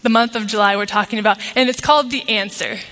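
A woman's voice: medium pitch, steady tone, fast, a bit bright. A woman pastor preaching a sermon to her congregation, engaging them with questions. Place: church sanctuary. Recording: long reverb of a large sanctuary.

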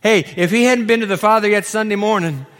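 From the pulpit of a large church hall, a pastor preaches animatedly, acting out biblical dialogue in different voices. His voice is high-pitched and fast, and the hall gives the recording a lot of reverb.

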